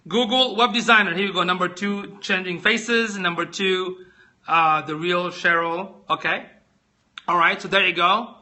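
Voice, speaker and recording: A man's voice: steady tone, a little slow, sharp tone. A man hosting a casual live stream, chatting with viewers and asking them lots of questions as he walks through tech products. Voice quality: squeaky voice. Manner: chatty, addresses viewers directly, asks many questions.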